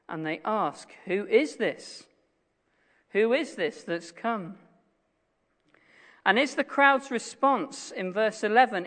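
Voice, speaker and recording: Guy preaching, earnest, slows right down and goes quiet on the big lines, long echo off the hall. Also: high voice. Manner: earnest, slows and drops to a hush on key phrases. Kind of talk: sermon.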